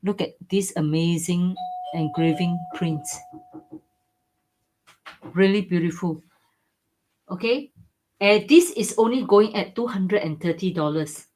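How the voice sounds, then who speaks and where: A woman's voice: mid-range voice, darkish tone. Enthusiastic woman selling antiques on a live stream. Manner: enthusiastic, repeats "okay?" and "right?", non-native grammar. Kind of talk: live-stream sales chat.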